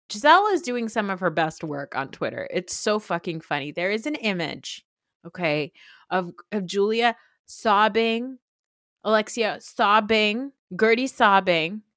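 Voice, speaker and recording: A woman hosts a podcast, recapping reality TV in a casual, gossipy way. She talks animatedly and swears freely. Her voice sits at a middle pitch, recorded dry and close with no room sound. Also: fairly bright tone, no room sound. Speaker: podcast host.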